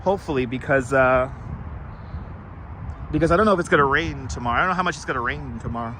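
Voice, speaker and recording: A man's voice: mid-range voice, fast, pushed and bright, a little hiss or hum. A man from Brooklyn, hosting a casual walking live stream and chatting rambly with viewers, greeting them by name. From Brooklyn, New York. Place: outdoors on city streets, walking. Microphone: wireless clip-on mic.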